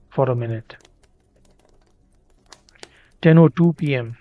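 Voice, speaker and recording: A man reading a first-person short story in a measured way, sometimes stumbling and restarting a word. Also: mid-range voice. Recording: dull lo-fi dry recording.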